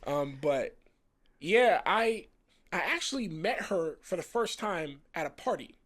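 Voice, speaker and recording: A man in his thirties from South Florida, a guest actor telling casual, animated stories full of slang and acted-out quotes. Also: sits high, unhurried. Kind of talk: casual storytelling chat.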